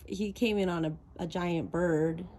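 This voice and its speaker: A woman's voice: fairly low pitch, fairly even intonation, unhurried, darkish tone, slight background noise. A woman doing a casual tarot reading for her viewers, chatty and giggly and talking straight to them. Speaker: tarot reader.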